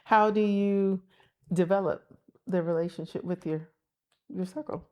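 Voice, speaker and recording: A woman's voice: fairly low pitch, steady tone, a little slow, mellow. A woman co-hosting a podcast, giving brief, encouraging replies in casual chat. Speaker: podcast co-host.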